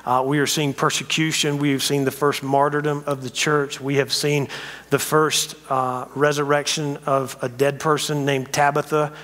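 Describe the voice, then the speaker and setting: Animated male guest preacher. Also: a little high, moderate pace, long reverb tail. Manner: animated storytelling, acts out scenes. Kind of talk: sermon. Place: church sanctuary.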